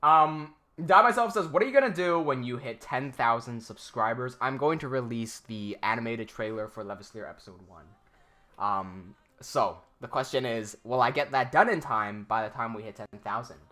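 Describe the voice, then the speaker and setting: Speaking at a moderate pace in a mid-range voice that's pushed and bright, the animation livestream host chats loosely with viewers and replies to comments. Laughter comes often, along with plenty of fillers and false starts.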